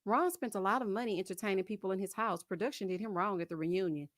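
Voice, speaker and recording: A woman hosts a casual live chat and answers viewer comments with lively gossip. She laughs often and uses plenty of slang. Her voice sits in a middle pitch, and it is recorded dry and close to the mic. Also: fast, dry recording. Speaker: host of a live chat stream.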